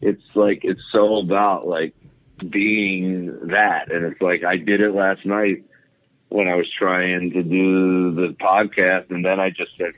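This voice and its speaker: A man's voice: sits low, flat delivery, slow, no room sound. A man, a comedian guest, telling a story in casual, profane chat with lots of fillers, over a tinny phone line. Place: home podcast setup.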